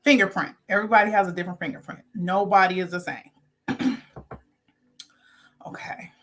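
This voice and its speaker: A woman's voice: lowish voice, fairly even intonation, moderate pace, a little hiss or hum. A woman hosting a spiritual talk show, speaking loosely, often correcting herself and laughing lightly at her slips. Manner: warm, rambling, self-correcting with little laughs. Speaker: host.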